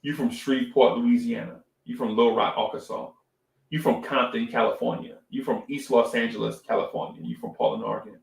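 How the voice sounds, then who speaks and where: Animated middle-aged man, echoey room. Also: mid-range voice, brisk, vocal fry. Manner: animated storytelling, repeats phrases, says "right?" often. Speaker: podcast co-host. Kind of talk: casual live-stream talk.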